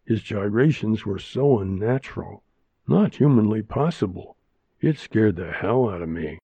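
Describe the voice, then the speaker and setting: Calm practical lady, man reading her in his own low husky voice, muffled dull audio. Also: a little slow, dry recording, exaggerated voice.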